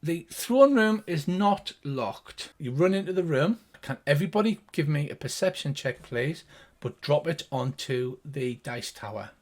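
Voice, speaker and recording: An older man narrating as game master of a tabletop game, playful and animated. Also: a little slow. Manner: lively, plays gnome voices with big pitch jumps.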